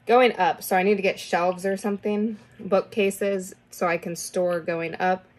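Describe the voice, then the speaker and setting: A young woman giving a casual, rambling tour of her basement candle studio, chatty and full of fillers, a little out of breath. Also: on the low side. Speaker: candle business owner.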